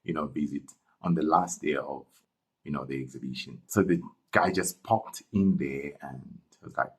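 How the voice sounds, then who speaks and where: A man narrating a storytime story in an animated, chatty way, talking straight to viewers. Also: very deep voice, moderate pace, poor audio.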